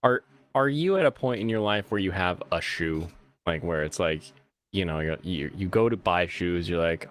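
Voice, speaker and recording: A man hosting a casual podcast chat, animated, his voice jumping high when he gets exasperated. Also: normal speed. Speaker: podcast host.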